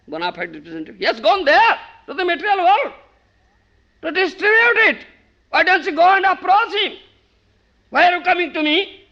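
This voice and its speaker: Man doing a rebuking male deity, exasperated, with a raised, animated, rough-edged delivery. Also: extremely high pitch, dull audio, voice pushed up, heavily acted.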